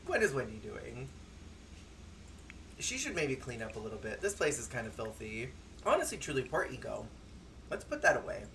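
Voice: medium pitch, sing-song, moderate pace, vocal fry, long pauses, a bit bright, slight background noise. A game streamer giving joking let's-play commentary, with sudden squeals and bursts of laughter. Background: faint game music.

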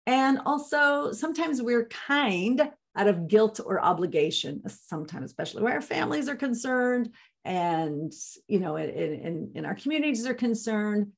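A woman in her fifties teaches a seminar and drifts into a personal story along the way. Her voice sits at a middle pitch. She sounds eager and warm about her material, and her speech is full of ums and restarts. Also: vocal fry. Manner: enthusiastic storyteller, frequent ums. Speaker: Jewish educator.

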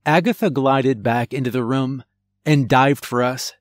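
A man narrating a first-person horror story in a measured, dramatic storytelling manner. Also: medium pitch, no echo.

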